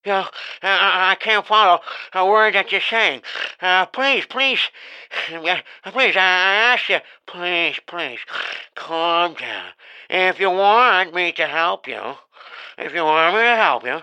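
A man's voice: high-pitched, expressive, takes it slowly, sharp tone, clear, resonant tone, no echo, heavily acted, rough recording. A man playing a dry, teasing police desk sergeant in a comedy sketch. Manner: dry, teasing, patient but mocking. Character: deadpan, sarcastic male police desk sergeant.

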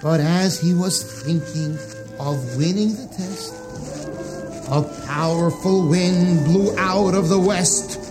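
A man narrating a rhyming children's story in a sing-song, expressive way. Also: sits high, takes it slowly. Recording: music playing behind.

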